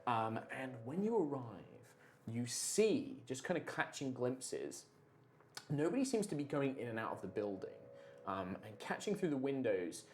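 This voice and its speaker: A man's voice: medium pitch, sing-song, normal speed, slight background noise. A man running a tabletop superhero game, describing scenes with loose, filler-heavy narration. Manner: rambling descriptions with many fillers. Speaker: game master.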